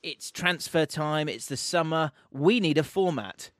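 A man's voice: on the high side, lively intonation, unhurried, no echo. A man hosting a podcast in a studio, bantering and laughing in casual chat. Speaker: podcast host.

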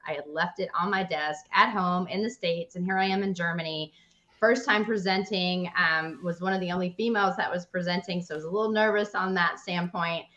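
Woman, podcast co-host, bright forceful voice, enthusiastic, dull lo-fi sound. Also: on the low side. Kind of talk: podcast introduction and chat.

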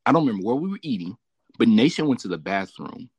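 Talking fast with a medium pitch and a breathy edge, a Southern Californian podcast host spins a story in a casual conversation. There's no echo, and he laughs and curses freely as he animatedly tells it.

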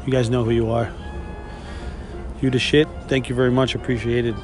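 A man's voice: mid-range voice, flat delivery, normal speed, over music. A man hosting a podcast, telling stories in a casual, blunt and profane monologue. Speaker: podcast host.

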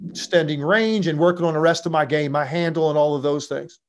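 A man's voice: on the high side, a little fast. A man from Virginia, a former basketball player, telling stories in a casual interview with lots of fillers. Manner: animated, with frequent fillers.

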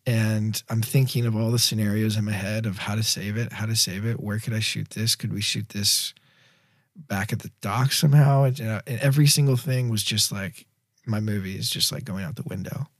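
A man's voice: on the low side, normal speed, no room sound. A man, a film director, casually telling a long anecdote in an interview, rambling with lots of fillers. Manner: rambling, filler-heavy, animated storyteller.

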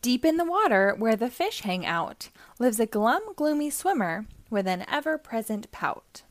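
A woman's voice: on the high side, sing-song, measured pace, dry recording. A woman hosting storytime, reading a rhyming children's book aloud in a sing-song manner. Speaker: storytime host.

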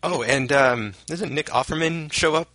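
A man's voice: on the high side, normal speed, sharp tone, no echo. A man co-hosting a podcast, musing casually about a movie with many fillers and trailing thoughts. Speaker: podcast co-host. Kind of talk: casual movie commentary chat.

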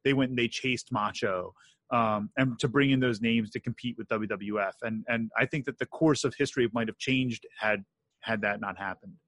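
A man's voice: medium pitch, normal speed, a bit bright, no echo. A man hosting a podcast, asking long rambling questions with fillers and joking. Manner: rambling, hesitant with fillers, jokey. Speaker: podcast host. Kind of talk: casual chat.

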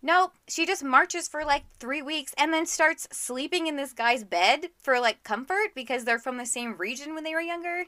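A woman's voice: sits high, normal speed, hardly any pauses, no room sound, clean studio sound. A woman co-hosting a casual book chat, animatedly acting out what characters say. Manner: animated, acts out characters' lines. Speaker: podcast co-host.

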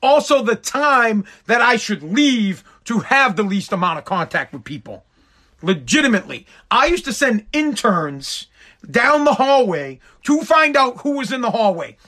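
A man's voice: very high-pitched, very animated, unhurried, bright, forceful tone. A man, a podcast host ranting with lots of swearing, exasperated and emphatic. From Woburn, Massachusetts, USA. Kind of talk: comedic profane rant.

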